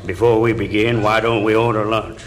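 A man plays a jovial president, deep-voiced and folksy. Heavy noise runs under the old comedy recording. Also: flat delivery, a little fast, close to an everyday voice. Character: male US president, folksy Southern joker.

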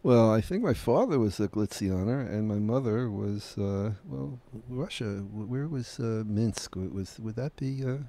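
An older man from the United States hosting a radio show, chatting casually and hesitantly with many fillers and soft chuckles. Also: fairly low pitch, animated, a little slow, hardly any pauses. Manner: hesitant and rambling, full of uh and um, chuckles to himself. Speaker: radio host introducing records. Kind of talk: casual chat.

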